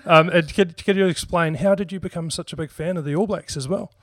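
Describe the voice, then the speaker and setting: A man's voice: on the high side, a little fast, a bit bright, no echo, clean studio sound. A man from New Zealand with a New Zealand accent, interviewing a guest casually and encouraging her with short replies.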